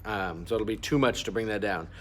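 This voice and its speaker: A man's voice: lowish voice, a little fast, a bit bright. A man teaching a clarinet part, patiently explaining fingerings and markings and singing rhythms aloud to show them. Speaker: band teacher. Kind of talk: instrument lesson walkthrough.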